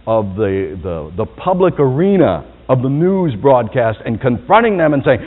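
A male pastor delivers a dynamic sermon, dropping to quiet, low asides and then climbing to loud, high-pitched exhortations. His voice has a very lively pitch. It comes through a tinny, phone-like recording with a long reverb from the hall. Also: moderate pace, hardly any pauses.

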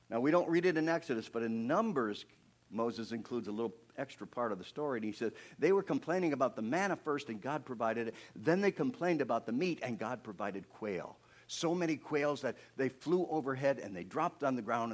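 A middle-aged man from Pennsylvania preaching a sermon, telling stories and acting out the voices, swinging between loud bursts and hushed asides. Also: mid-range voice. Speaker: pastor.

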